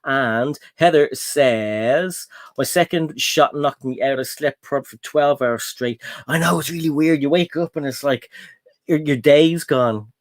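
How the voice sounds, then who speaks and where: A man's voice: fairly high pitch, a little slow, dry recording, studio quality. An Irish man hosting a livestream, chatting casually and reading out viewer comments with plenty of ums. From Ireland. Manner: rambling, chatty, full of ums and laughs. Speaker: livestream host.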